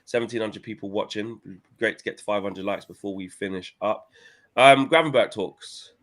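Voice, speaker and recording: A young man talks in a lowish voice, casual and playful, sprinkling his banter with slang. He is co-hosting a fan livestream and reads viewers' comments aloud between jokes. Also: moderate pace, fairly bright tone. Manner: banterous, playful, uses slang like "my son" and "innit". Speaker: co-host of fan channel livestream. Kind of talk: casual fan chat reading live comments.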